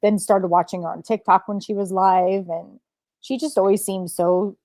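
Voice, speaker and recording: A woman's voice: mid-range voice, steady tone, moderate pace, mellow, no room sound. A woman co-hosting a casual chat, mostly giving short, supportive agreeing replies.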